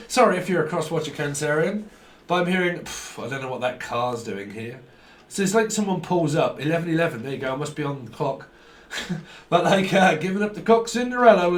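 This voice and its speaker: A man giving a rambling tarot reading, full of wordplay, snatches of song and silly voices. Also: on the high side. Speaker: tarot reader.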